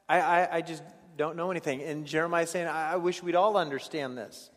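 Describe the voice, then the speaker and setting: A fairly high-voiced man preaches an earnest sermon. He stumbles over repeated words and drops to near-whispers before rising again. His voice rings out with a long tail of reverb, as if filling a large hall. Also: fairly even intonation, fairly quick, few pauses. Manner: earnest, stammering restarts, swings between hushed and raised delivery. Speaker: pastor.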